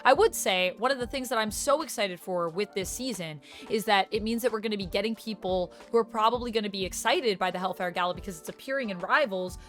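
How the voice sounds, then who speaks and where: A woman's voice: on the high side, fairly bright tone. A woman YouTuber chatting casually in a reaction vlog, gushing as a self-described fan.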